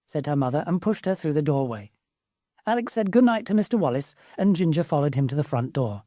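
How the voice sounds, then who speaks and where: A woman reads the story in a lower register with a lively, bouncing delivery. She shifts her voice to play each character. The sound is close and dry, with no room around it. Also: brisk, no room sound. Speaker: audiobook narrator. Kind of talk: scripted narration.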